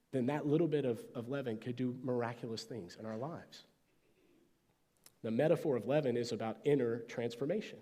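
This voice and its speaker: A man preaching a sermon as pastor, with emphatic phrasing that sometimes drops to a soft, hushed tone. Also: medium pitch. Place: church sanctuary. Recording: long church reverb.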